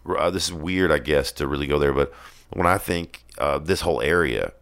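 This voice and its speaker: A man with an extremely low, rumbling voice talks casually. He rambles with many ums and restarts and swears freely as he chats. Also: normal speed, a bit bright. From Tennessee. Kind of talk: casual chat.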